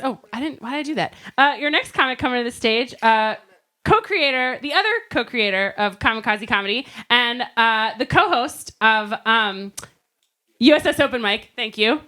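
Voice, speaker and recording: A woman's voice: a little high, sharp tone. A woman hosting a live comedy show on a club stage, bringing on the next comic with loose, stumbling introductions.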